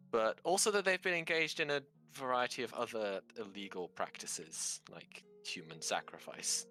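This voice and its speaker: A man's voice: on the low side, pushed and bright. A man playing a tabletop game, speaking in character in an earnest, explanatory way. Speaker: player.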